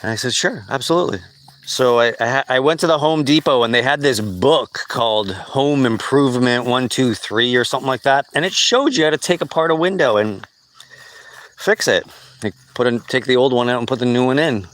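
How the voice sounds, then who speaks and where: A man's voice: medium pitch, animated, brisk, fairly bright tone. A man hosting a podcast, telling a personal story in a blunt, profane, casual way. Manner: blunt and profane, with frequent swearing and fillers. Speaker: podcast host.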